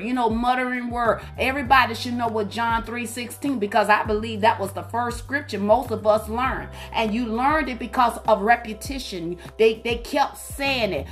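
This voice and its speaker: Woman minister, fervent sermon full of hallelujahs, slightly high voice. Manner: fervent preaching with frequent hallelujahs. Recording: faint music behind.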